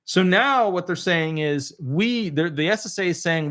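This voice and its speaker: A middle-aged man with a slightly high voice talks straight to camera about benefit rules. His delivery is loose and chatty, full of asides and restarts as he rambles through the details. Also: lively intonation, unhurried, a bit bright. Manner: rambling, chatty, breaks off to coo at his dog. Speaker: disability attorney. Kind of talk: casual explainer to camera.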